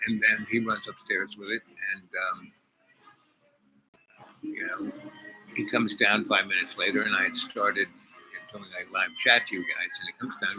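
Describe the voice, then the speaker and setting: A man's voice: lowish voice, sing-song, normal speed, pauses often, over music, poor audio. A man vlogging to his viewers, telling a personal story in a rambling way, full of fillers and asides. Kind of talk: casual storytelling vlog.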